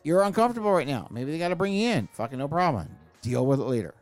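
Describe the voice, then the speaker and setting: A man's voice: a little high, sing-song, quick pace, darkish tone, soft background music. A man, talking in a heated, profane, emphatic way in a casual podcast chat. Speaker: podcast co-host.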